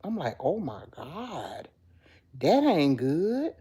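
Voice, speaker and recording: Chatty woman with a low, mellow voice. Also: big pitch swings, slow pace, breathy edge. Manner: chatty, affectionate, answers viewer comments. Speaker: livestream host. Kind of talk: casual live chat with viewers.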